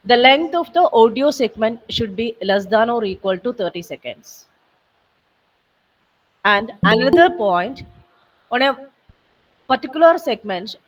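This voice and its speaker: A woman giving patient, step-by-step software training over a video call, with frequent fillers. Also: fairly high pitch, recorded from a distance, low-quality recording. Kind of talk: online training session walkthrough.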